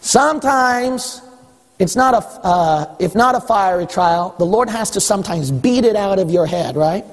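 A man delivers a sermon in a high, husky voice, pressing each point and climbing to shouts. His voice carries a long reverberation, as in a church hall. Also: animated, measured pace. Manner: emphatic, rising to shouts, acts out voices of God and listeners. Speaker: pastor.

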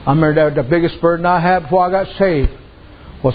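A man's voice: on the high side, fairly even intonation, fast talker, lo-fi sound. A man preaching a sermon in a folksy, colloquial storytelling way.

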